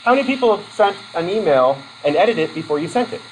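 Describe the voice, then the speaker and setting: A man's voice: high voice, lively intonation, fast talker, a little hiss or hum, poor audio. A man from Vermont teaching a college class, chatty and self-deprecating, with many fillers and restarts as he takes student questions. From Vermont, USA. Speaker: college instructor.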